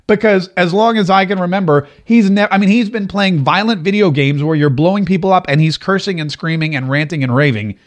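A middle-aged man hosting an opinion talk show, talking in an animated, rambling way and often repeating himself. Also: high-pitched, fairly quick, few pauses. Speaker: host.

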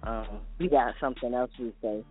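A man's voice: mid-range voice, normal speed. A man co-hosting a casual talk show, laughing often and telling stories with animation. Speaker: co-host. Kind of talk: casual radio chat. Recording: dry phone-line sound, faint music.

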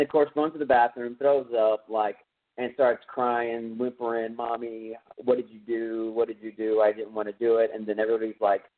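Texan male podcast host, casual rambling film recap, mid-pitched, tinny phone-like audio. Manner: rambling, animated retelling with quoted voices. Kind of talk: casual movie recap chat.

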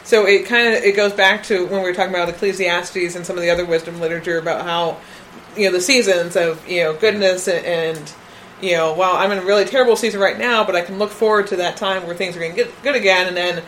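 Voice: medium pitch, steady tone, fast, a bit bright, rough recording. Podcast co-host, theology discussion, thoughtful, agreeable, faint background hum. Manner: thoughtful, lots of backchannel agreement.

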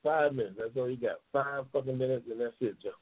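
A man hosting a loose call-in talk show, excitable and profane, yelling and laughing at his callers. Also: mid-range voice, fast talker. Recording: tinny phone-like audio.

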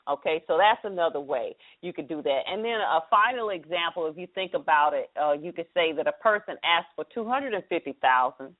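A woman's voice: on the low side, animated, brisk, hardly any pauses. A middle-aged woman hosting a live talk radio show, upbeat and chatty as she promotes the show and explains business math. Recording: phone-like narrow band radio audio.

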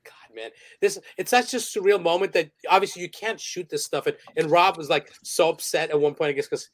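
A man's voice: fairly high pitch, steady tone, fairly quick, dry recording. Rambling man telling a story. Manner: rambling, many fillers and restarts, laughs often. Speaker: podcast guest. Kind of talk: casual interview storytelling.

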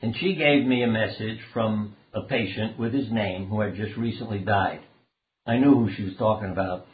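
An older man speaks as an interview guest, earnest and rambling as he tells anecdotes. His voice sits low, and it comes through a thin, phone-like line. The space around him sounds roomy and echoey. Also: normal speed. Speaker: guest, doctor and author. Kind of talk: conversational storytelling interview.

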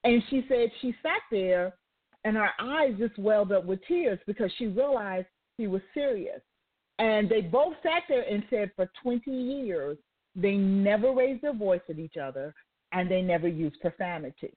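A woman hosts a talk radio program, speaking at an ordinary middle pitch. She talks conversationally and preaches a little, breaking into the story with asides to the listener. Her voice comes through a thin, narrow, phone-like line. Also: animated, moderate pace. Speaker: radio talk show host. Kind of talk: motivational talk radio monologue.

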